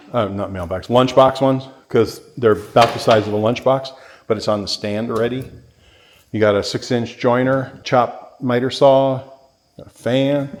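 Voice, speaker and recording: A man's voice: medium pitch, a little mellow, slight background noise. Rambling man touring a workshop. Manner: rambling, listing tools like an auctioneer. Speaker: real estate agent touring a property. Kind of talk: casual walkthrough vlog. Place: indoors in a workshop barn.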